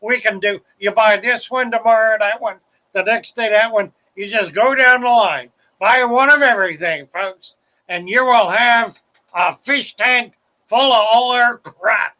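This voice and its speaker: A man's voice: high voice, measured pace, pushed and bright, muffled recording. A man voicing a pushy salesman who hawks products in a mocking hard-sell patter. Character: pushy male product salesman hawking everything.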